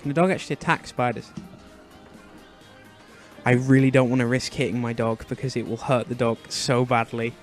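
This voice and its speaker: A young man narrating his own gameplay in a chatty, fretful way, doting and nervous by turns. His voice sits at an everyday middle pitch, and soft music plays behind him. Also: fairly even intonation, normal speed, pauses often. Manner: chatty, fretful and doting, often bursting into high shrieks. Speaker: gaming channel host. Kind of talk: Minecraft let's play commentary.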